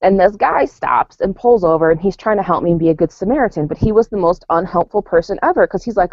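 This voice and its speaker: A woman's voice: fairly low pitch, fast talker, few pauses, no echo. A woman co-hosting a podcast, telling stories casually and acting out the quotes she tells. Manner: animated storytelling with acted-out quotes and laughter. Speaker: podcast co-host. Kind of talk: casual chat. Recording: dull lo-fi sound.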